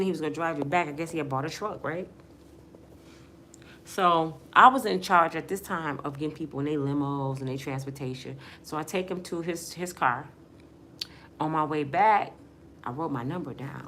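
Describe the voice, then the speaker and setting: A woman's voice: deep voice, moderate pace, a bit bright, slight background noise. A middle-aged woman from Michigan, earnestly telling her life story as a personal testimony in casual, emotional talk. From Michigan, USA.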